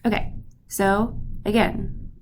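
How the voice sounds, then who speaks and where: A woman's voice: medium pitch, flat delivery, slow pace, noisy background. A woman teaching a math lesson, stuffy-nosed, patiently checking in with her students as she goes. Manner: patient, checks in with "right?" and "okay?". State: stuffy nose.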